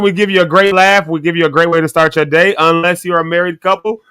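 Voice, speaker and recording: A man's voice: fairly high pitch, fairly even intonation, fast. A man hosting a casual live morning chat show, playful and laughing often. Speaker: host.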